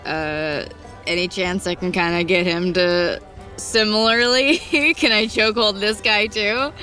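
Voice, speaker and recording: Woman, tabletop player, slow pace, playful, frequent laughs. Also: mid-range voice, fairly even intonation, sharp tone, faint music behind. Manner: laughs often, unhurried and playful. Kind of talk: casual tabletop play.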